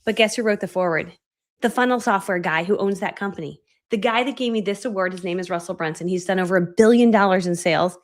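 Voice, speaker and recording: A forties-aged online course coach delivers a motivational training talk, making fun of herself, acting out her old reactions, and chatting with many fillers such as "right?". Her mid-range voice moves fast.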